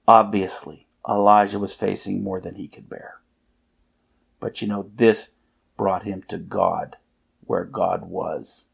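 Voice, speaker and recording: A man delivers a sermon in a low, gravelly voice. He reads scripture with earnest emphasis, pausing on key phrases. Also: flat delivery. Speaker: preacher.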